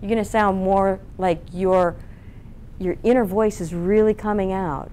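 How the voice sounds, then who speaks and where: Woman, public speaking coach at a seminar, expressive, plays voices, faint rumble in the room. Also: a little slow. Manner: expressive, asks the room questions, acts out flat and lively voices. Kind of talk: seminar talk to a live group.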